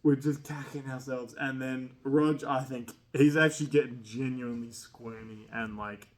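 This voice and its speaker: A man's voice: mid-range voice, steady tone, normal speed. A young man telling a casual school anecdote, rambling with slang and laughing mid-sentence. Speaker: storyteller.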